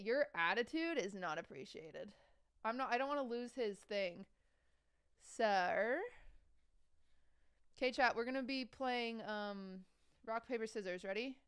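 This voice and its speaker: A woman's voice: a little high, clean tone, dry recording, studio quality. A young woman live-streaming from home, chatting casually with her chat in a playful, joking way and laughing often. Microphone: streaming mic, with earbuds.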